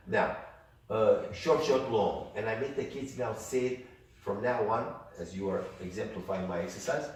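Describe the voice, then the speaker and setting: Older guy running a music workshop, animated, faint hiss behind him. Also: lowish voice, moderate pace. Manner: animated, demonstrative, claps out rhythms with sung syllables. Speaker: music teacher. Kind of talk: workshop teaching. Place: indoor workshop room. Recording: echoey room from far off, faint noise.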